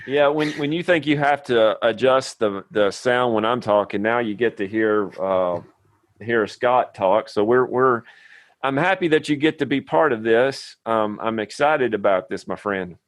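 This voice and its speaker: A man's voice: mid-range voice, a little slow, no echo. A man from Tennessee, hosting a football podcast, reading an earnest intro and then chatting with a guest. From Tennessee, USA. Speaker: podcast host. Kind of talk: scripted intro then casual chat.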